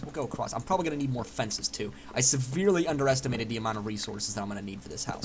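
A young man giving casual, excitable commentary while playing a building game, chatting to himself and swearing freely. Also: mid-range voice, fast talker, noisy background. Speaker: Minecraft let's player.

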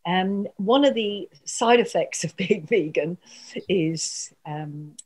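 A woman's voice: on the low side, expressive, takes it slowly, darkish tone, slightly rough. A woman communication trainer giving an earnest, coaching workshop talk. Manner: earnest, coaching, frequent asides and laughs.

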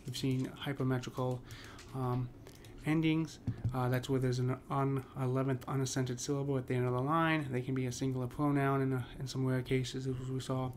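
Flat-voiced man teaching poetic meter. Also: mid-range voice, a little hiss or hum. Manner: halting, many ums and restarts. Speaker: poetry teacher. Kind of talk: casual explanatory lesson.

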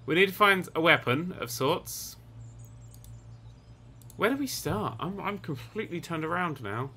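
A young man commentating his own game, jumpy and quick to yelp and swear when startled. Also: mid-range voice, gravelly, pushed and bright, slight background noise. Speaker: gaming YouTuber. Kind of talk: let's play commentary.

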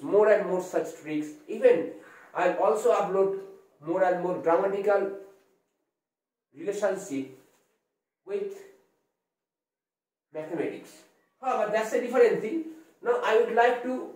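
A man's voice: sits high, a little mellow. Man teaching in a very echoey room. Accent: Indian English. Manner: explains slowly, spells words out letter by letter. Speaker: English teacher. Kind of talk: exam-prep lesson. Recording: very echoey room, voice far from mic.

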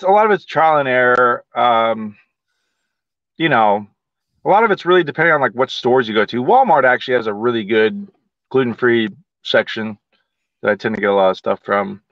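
A man's voice: mid-range voice, animated, moderate pace, pauses often, a bit bright, no echo, dull audio. A man co-hosting a livestream in easygoing, rambling casual chat. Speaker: co-host.

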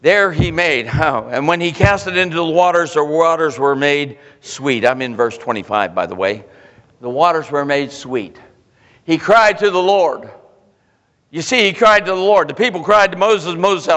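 An older man from Pennsylvania preaching a sermon as pastor, filling pauses with "uh" and acting out the people's complaints. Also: high voice, animated, a bit bright. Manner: preachy, filler-heavy, voices the crowd's complaints. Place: church sanctuary. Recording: long church reverb.

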